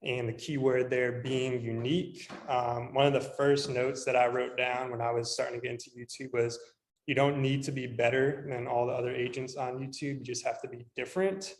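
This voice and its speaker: A young man, a real estate agent, teaching a class in a casual, relaxed way with plenty of ums while walking through a screen demo. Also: mid-range voice, moderate pace. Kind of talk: casual instructional talk. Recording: echoey room.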